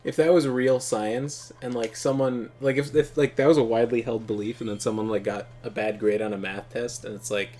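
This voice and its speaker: A man's voice: mid-range voice, steady tone, a little fast, few pauses, darkish tone, soft background music. A man hosting a casual gaming commentary, rambling through crude jokes and laughing often. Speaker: let's play host.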